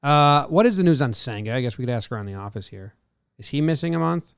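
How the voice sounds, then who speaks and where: A man's voice: medium pitch, lively intonation, fast, gravelly, smooth, dry recording, clean studio sound. A man co-hosting a casual sports podcast, reading injury reports aloud and breaking off to joke and comment. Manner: reads news items aloud, then jokes and comments.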